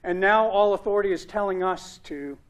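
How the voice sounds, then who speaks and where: A man's voice: sits high, a little fast. A male pastor preaching a sermon, earnest, with emphatic repetition and rising stress on key words.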